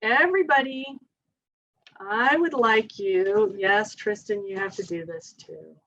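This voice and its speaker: A woman occupational therapist gives a casual training talk to parents in a mid-range, unhurried, slightly bright voice. She's chatty, laughs often, and leads group exercises with chanting, all captured in slightly dull lo-fi sound.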